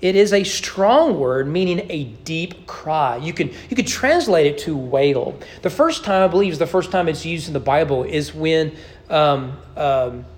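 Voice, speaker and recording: Male pastor preaching, voice swoops up and down a lot, leans hard on key words. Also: fairly high pitch. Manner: expressive preaching, slowing and stressing key words. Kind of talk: sermon. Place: church sanctuary.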